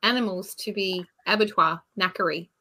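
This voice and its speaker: A woman's voice: medium pitch, moderate pace, pushed and bright. A woman in a casual chat, explaining slang in an emphatic way.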